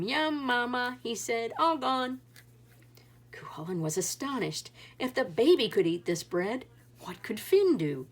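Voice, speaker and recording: A woman reading a folktale picture book aloud in an expressive storybook style, with dramatic rises and drops. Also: medium pitch, creaky, husky. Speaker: read-aloud narrator.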